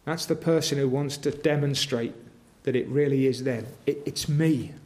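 A man's voice: mid-range voice, fairly even intonation, normal speed, darkish tone. A man preaching a sermon, earnest and building to emphatic intensity as he quotes scripture.

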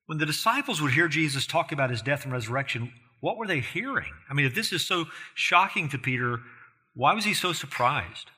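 On the high side and husky, this man's sharp-toned voice is animated and brisk as he delivers an expository sermon. He's earnest, throws rhetorical questions at his audience, and grows more forceful whenever he reaches a key point.

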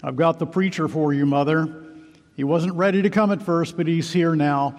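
A man's voice: a little high, moderate pace, natural voice. A man voicing a frightened little girl who urgently pleads for help for her dying mother, in a sermon story. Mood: urging. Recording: long hall reverb.

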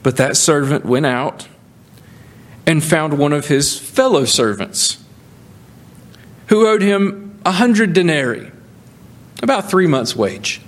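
A man preaching a sermon, animated, with emphatic rising peaks. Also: on the high side, slow, pauses often. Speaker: pastor.

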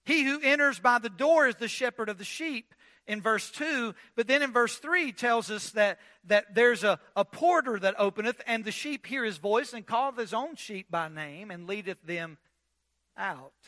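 A man preaching a sermon, restarting words often and dropping low and soft on key lines. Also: expressive, normal speed. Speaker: pastor.

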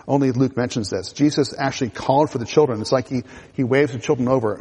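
A man's voice: medium pitch, fast talker, hardly any pauses, darkish tone, slightly rough. A man preaching a sermon in a conversational way, with asides and restarts. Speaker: pastor. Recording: hall reverb.

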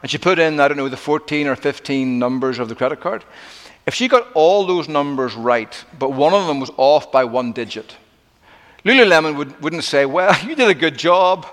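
A middle-aged man preaching a sermon as pastor, emphatic, slowing and dropping to a hush for weight. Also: fairly high pitch, expressive. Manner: emphatic preaching with dramatic slowdowns and drops to a hush. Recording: long hall reverb.

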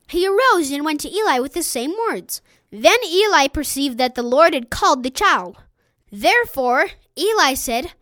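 A woman reads a sermon aloud for an audiobook, earnest and measured. Her voice is high and rises and falls widely. The sound is close and dry. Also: very animated, a bit bright, dry recording. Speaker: audiobook reader.

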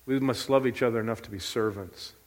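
A man's voice: medium pitch, brisk, long reverb tail. A man preaching a sermon as pastor, earnest and emphatic, repeating key phrases.

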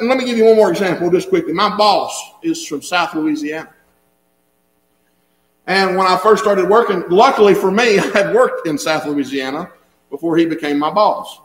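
Folksy preacher, echoey church. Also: male voice, high-pitched. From Southern United States. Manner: folksy, chuckles while talking, repeats words. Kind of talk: conversational sermon. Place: church sanctuary.

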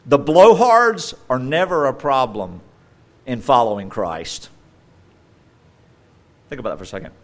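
An animated middle-aged pastor gives a sermon at a measured pace, pausing often. His mid-range voice shifts from loud, emphatic stresses to quiet conversational asides.

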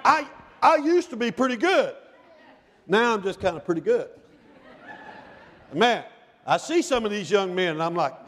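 A middle-aged man preaching a sermon in a church, swinging between shouted lines and hushed, almost whispered passages. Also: sits high, big pitch swings, measured pace, long pauses. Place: church sanctuary. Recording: long hall reverb.

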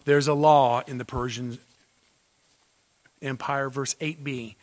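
A man's voice: mid-range voice, steady tone, unhurried. A man pastor preaching an expository sermon, emphatic and full of rhetorical questions. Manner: emphatic, rhetorical questions, repeats key phrases.

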